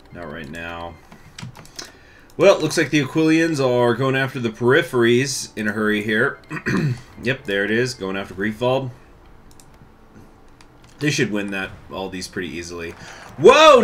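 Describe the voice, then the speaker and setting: A man giving casual let's-play commentary on a strategy game, thinking aloud, with hiccups, coughs and throat clearing. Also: lowish voice, a bit bright, slight background noise. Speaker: gaming YouTuber.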